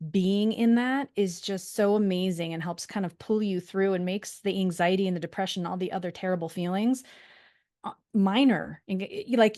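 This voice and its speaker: A woman's voice: mid-range voice, mellow. A woman hosting a conversational interview as a clinician, speaking reflectively and offering short affirmations. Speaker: host, clinician.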